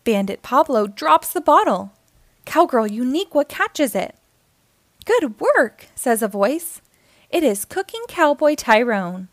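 A woman reading a children's picture book aloud with an expressive storytelling manner. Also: fairly high pitch, measured pace, no echo, studio quality.

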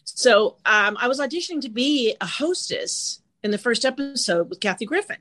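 A middle-aged woman, an actress guest on a podcast, telling her stories in a lively, animated way. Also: on the high side. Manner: animated, quick storytelling with lively vocal swings. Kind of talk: casual interview storytelling.

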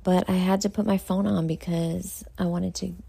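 A young woman, talking late at night about herself in a candid vlog, loud and excitable, with many fillers, sounding tired. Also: lowish voice, moderate pace, gravelly, husky, dry recording. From New York. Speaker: podcast host. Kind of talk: candid self-talk vlog.

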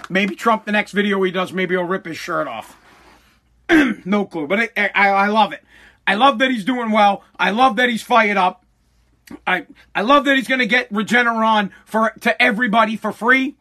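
A man in his forties hosting a solo podcast, ranting in an excitable, profane and rambling way. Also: high-pitched, normal speed. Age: 40s. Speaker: podcast host.

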